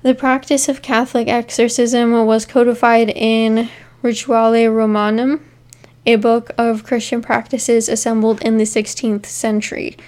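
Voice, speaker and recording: A woman's voice: a little high, flat delivery, unhurried, a little mellow. A woman co-hosting a casual podcast, reading case notes with asides and frequent ums. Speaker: podcast co-host. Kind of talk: casual true-crime podcast chat.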